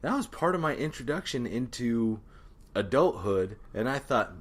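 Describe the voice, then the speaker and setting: A man's voice: medium pitch, lively intonation, moderate pace. A young man co-hosting a podcast, telling a party story in casual chat, acting out quotes and laughing often. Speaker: podcast co-host.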